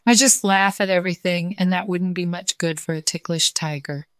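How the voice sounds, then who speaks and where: A woman voicing a cheeky male hyena who laughs at everything, in a bright, playful, teasing voice. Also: lowish voice, steady tone, moderate pace, smooth, no echo, lightly acted.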